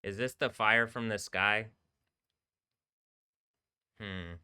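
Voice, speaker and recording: A man's voice: fairly low pitch, fairly even intonation, drawn-out words, heavy background noise. A man hosting a live stream, rambling casually with many fillers and bursts of laughter.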